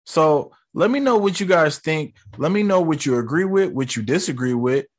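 A man's voice: fairly high pitch, expressive, moderate pace. A man casually ranking movie moments for his viewers, talking loose and slangy with frequent swearing. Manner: loose, slangy and profane, talks straight to viewers. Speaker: movie vlogger.

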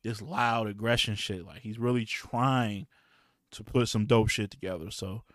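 A man hosting a battle rap podcast, talking in a loose, slangy, profane and rambling way, clearing his throat now and then. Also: lowish voice, steady tone, unhurried, fairly bright tone, no echo, clean studio sound. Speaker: podcast host and battle rap league promoter. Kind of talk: casual podcast talk.

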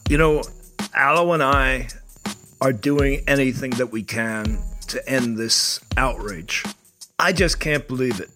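A man's voice: mid-range voice, fairly bright tone. Indignant male podcast co-host. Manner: indignant, earnest, casual. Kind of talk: conversational podcast talk.

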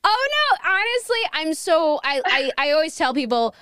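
A woman hosting a podcast in casual chat, animated and swearing freely as she acts out quoted voices. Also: high-pitched, normal speed, no room sound, clean studio sound. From United States. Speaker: podcast host.

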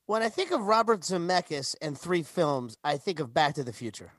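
A man's voice: a little high, sing-song, moderate pace, fairly bright tone, no echo, clean studio sound. A man chatting on a trivia podcast as co-host and contestant, eager and enthusiastic, stumbling over his words. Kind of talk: casual podcast chat.

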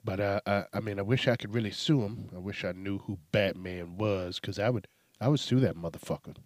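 Comedy sketch: man doing a low-voiced, dim, mumbling rambler. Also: darkish tone, no echo, natural voice. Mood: aggrieved. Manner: mumbling, rambling, halting with many uh's. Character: slow-witted man whom Batman punched.

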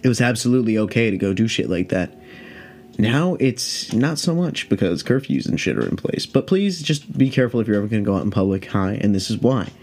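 A man in his late twenties with a fairly low voice tells a story on his podcast. His telling is loose and rambling, full of swearing and lively asides. It sounds like an unscripted, off-the-cuff chat. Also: a little fast. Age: late 20s. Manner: rambling, profane, animated. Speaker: podcast host. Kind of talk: casual storytelling.

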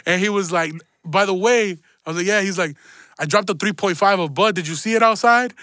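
A man's voice: high voice, fairly quick, bright, forceful tone, no echo, studio quality. A young man hosting a podcast, telling a long story in casual, slangy, profane talk and laughing along the way. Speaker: podcast host.

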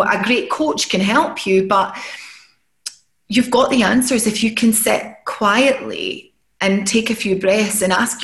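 Earnest woman coaching host, gravelly edge. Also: mid-range voice, roomy sound. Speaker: podcast host. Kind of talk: casual podcast conversation.

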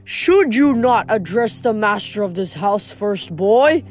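A woman's voice: medium pitch, animated, slow pace, darkish tone. Woman reading as a menacing male sky god. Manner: grumbling, threatening. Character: stern male king of the gods, menacing.

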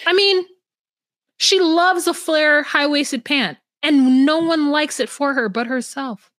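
A woman's voice: high voice, takes it slowly, no room sound, clean studio sound. A woman co-hosting a podcast, chatting casually about a reality show and acting out the people in it. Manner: animated, acts out voices of people she retells. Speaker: podcast co-host.

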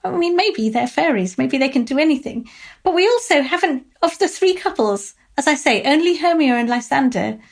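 A woman professor explains literature in a thoughtful lecture. Her voice sits high, and she pauses often with uh and um as she reasons aloud. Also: expressive, creaky. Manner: thoughtful, with frequent uh and um.

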